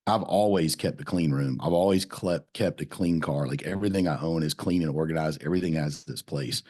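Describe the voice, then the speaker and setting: A man's voice: a bass voice, brisk, a little mellow. A man hosting a casual podcast chat, telling folksy sales stories with repeated phrases and a friendly "man" here and there. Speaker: podcast host.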